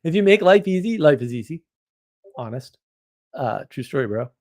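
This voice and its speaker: A man hosting a casual livestream, chatting and reacting to viewer comments in a rambling, opinionated way, often getting louder or dropping suddenly to a mutter. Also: on the high side, sing-song. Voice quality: rambling, opinionated, quick shifts in loudness. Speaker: livestream host.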